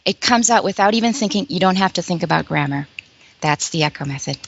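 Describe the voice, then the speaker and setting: A woman's voice: lowish voice, animated, quick pace, vocal fry, dull audio. A woman, an English professor, explaining a language learning method as an interview guest, patient and demonstrative, repeating short phrases for the listener.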